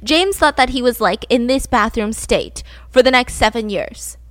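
A woman hosting a podcast, telling a true-crime story in a casual, animated way and laughing as she goes. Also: on the high side, normal speed, no echo. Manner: animated, laughs while telling, acts out quotes. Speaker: podcast host.

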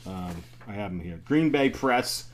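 A man's voice: on the low side, animated, unhurried. An older man, a former athletic trainer, telling stories in casual chat with many restarts and laughs. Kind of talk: casual storytelling in a group chat.

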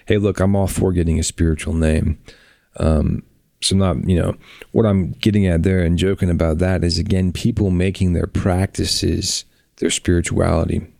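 A man hosting a reflective podcast, talking bluntly and earnestly with drawn-out pauses, on a close microphone. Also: low-pitched, level tone, gravelly, mellow, dry recording. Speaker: podcast host.

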